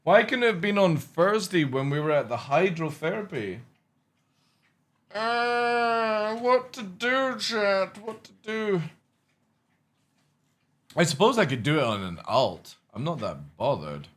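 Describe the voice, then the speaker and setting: A man's voice: fairly high pitch, sing-song, normal speed, fairly bright tone, husky. A man chatting casually to his chat while streaming a game, rambling and swearing freely.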